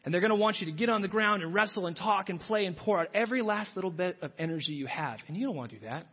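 Preacher doing a coaxing female tempter, soft and husky, lo-fi hall sound. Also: high voice, animated, racing, exaggerated voice. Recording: dull recording in a big reverberant hall.

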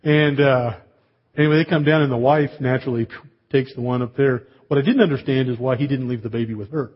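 A man preaches to his congregation in a relaxed, storytelling way, sprinkling in jokes and casual asides. His voice has a slightly husky edge at a middling pitch. The recording sounds dull and lo-fi. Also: brisk. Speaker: pastor. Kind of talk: sermon.

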